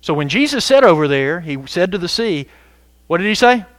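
A man preaching a sermon as pastor, animated and conversational, breaking into sudden shouts for emphasis. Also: sits high, fairly quick, dry recording.

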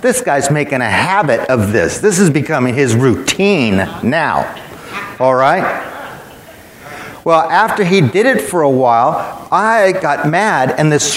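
A man preaching in a church, emphatic and matter-of-fact as he tells stories to drive his point home. His voice sits a little high. The sound carries the echo of the hall, with a faint hum of room ambience underneath. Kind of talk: sermon.

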